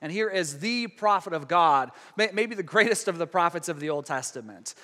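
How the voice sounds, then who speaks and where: A man preaching a sermon in a conversational way, stumbling over restarts and dropping to a hush for emphasis. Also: a little high, lively intonation, normal speed. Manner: conversational preaching with frequent restarts, dramatic hushed drops. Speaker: pastor. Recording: long hall reverb.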